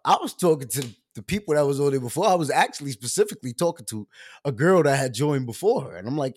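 A man's voice: mid-range voice, expressive, fast, darkish tone. Passionate, slangy man ranting casually. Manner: passionate, emphatic, conversational; loose slangy speech with many fillers. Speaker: show host. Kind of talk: casual storytelling rant.

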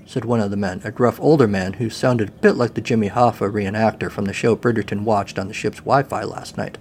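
A man's voice: fairly low pitch, brisk, a little mellow, slight background noise. A man narrating a comic story in a dry, wry way.

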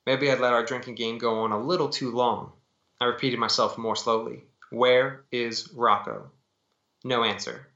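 A man, an author, reading his own novel aloud in steady, dramatic first-person narration over a video call. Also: mid-range voice, fairly quick. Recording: dull echoey call audio.

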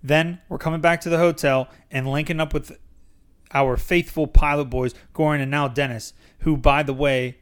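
A man's voice: a little high, fairly even intonation, moderate pace, clean tone, lightly acted. A man reading as a manic ringleader barking orders. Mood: bossy, excited. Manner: loud, pushy and enthusiastic. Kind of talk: read-aloud dialogue from a memoir.

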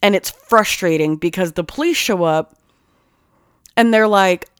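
A woman at a middle pitch, talking casually and swearing through nearly every line. She tells a story with heat and animation, jumping between details as it spills out. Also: measured pace, long pauses, clear, resonant tone. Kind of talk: casual chat.

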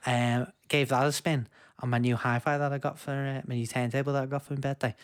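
A man's voice: mid-range voice, flat delivery, quick pace. Chatty, rambling young man on a podcast. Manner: enthusiastic, jokey, rambling. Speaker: podcast co-host. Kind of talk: casual chat.

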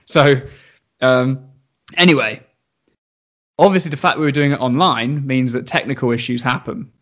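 A man's voice: mid-range voice, moderate pace. A young man, a teacher, telling a story in casual chat, swearing and acting out the voices of the people in it. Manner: animated, swearing, acts out voices. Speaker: primary school teacher.

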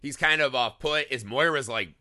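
Middle-aged man, podcast co-host, very bright sharp tone, dry close mic, casual and profane. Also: medium pitch, normal speed, no echo. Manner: profane, animated storyteller acting out quotes. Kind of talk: casual movie discussion.

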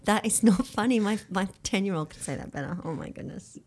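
A woman's voice: medium pitch, expressive, a little fast, a crowd in the background. Laughing, exasperated young woman on the radio. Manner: laughs through her stories, exasperated. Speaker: radio co-host. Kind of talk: casual banter on a radio show.

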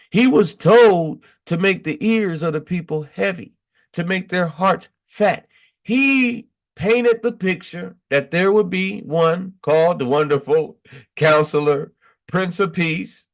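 A male preacher delivers an exhortation, reading verses aloud and then unpacking them point by point. His voice sits fairly high and he speaks slowly, pausing often and pressing each point with a questioning "Okay?". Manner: emphatic, repeats points with "Okay?". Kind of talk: exhortation reading and explaining scripture.

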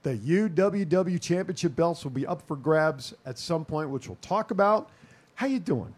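A man hosting a live show from a studio, with a voice pitched a bit above most men's. He jokes and laughs easily while hyping up upcoming events in loose, casual chat. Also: lively intonation, normal speed. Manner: jokey, laughing, hypes and plugs events. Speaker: host.

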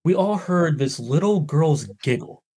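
A man, a guest on the show, telling a story in a casual, animated way with lots of "like". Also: fairly high pitch, unhurried. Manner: animated, filler-heavy "like". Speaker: guest explorer.

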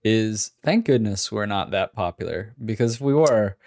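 A man co-hosting a podcast, tossing in quick joking reactions. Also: on the low side, lively intonation, creaky, a little mellow. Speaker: podcast co-host. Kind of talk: casual chat.

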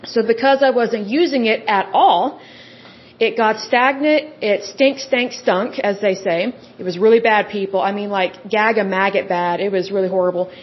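A woman's voice: medium pitch, moderate pace. A woman hosting a solo podcast, chatty and upbeat with joking asides, on a dull lo-fi home recording. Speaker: podcast host. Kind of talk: casual solo podcast chat.

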